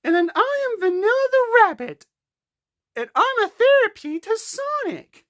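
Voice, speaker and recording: A woman voicing a gentle, motherly rabbit woman who gushes and stumbles over her words in a homemade fan production. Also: very high-pitched, very animated, normal speed. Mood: tearful, gushing.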